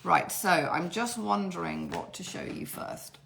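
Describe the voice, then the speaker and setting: A woman's voice: fairly low pitch, measured pace, creaky. A woman hosting a casual live Q&A from home, reading out viewer questions and chatting through stories. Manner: chatty, reads out questions then rambles warmly into anecdotes. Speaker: interiors host answering viewer questions. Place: her home. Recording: echoey room, faint background noise.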